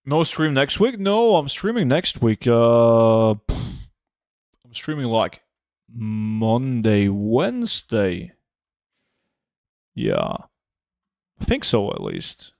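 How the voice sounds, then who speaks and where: A man's voice: medium pitch, wildly swooping pitch, slow, gravelly, long pauses, darkish tone, no echo, studio quality. A man, a game streamer chatting casually and reading his chat aloud in a laid-back way full of fillers. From Norway.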